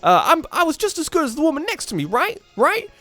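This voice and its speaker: A man voicing a brash young female gang grunt in a high, slangy voice. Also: wildly swooping pitch, fast talker, fairly bright tone, soft background music, full character voice. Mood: boastful.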